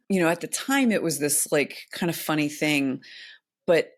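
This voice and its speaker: A woman's voice: deep voice, expressive, normal speed. A woman co-hosting a podcast, talking through her thoughts in a loose, rambling way with many fillers and restarts. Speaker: podcast co-host. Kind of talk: casual chat.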